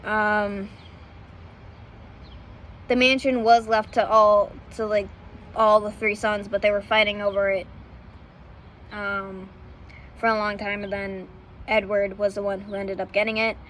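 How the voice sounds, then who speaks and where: A woman's voice: medium pitch, level tone, measured pace, long pauses, a bit bright, a little hiss or hum, rough recording. A woman vlogger telling history in a casual, hesitant way, with many fillers and self-corrections, often laughing at herself. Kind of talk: casual unscripted storytelling.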